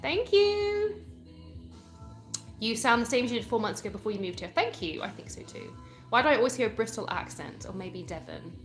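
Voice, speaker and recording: A chatty young British woman runs a live stream, reading out viewer comments and answering them in an easy, conversational way. Her voice sits at a middle pitch, close to the mic, with faint music playing behind her. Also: fast, a bit bright. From England. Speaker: livestream host.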